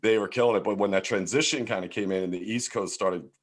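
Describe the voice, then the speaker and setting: A man's voice: lowish voice, quick pace. A man in his forties from Philadelphia, telling stories as a podcast guest in a loose, profane way full of fillers. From Philadelphia, USA. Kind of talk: casual storytelling chat.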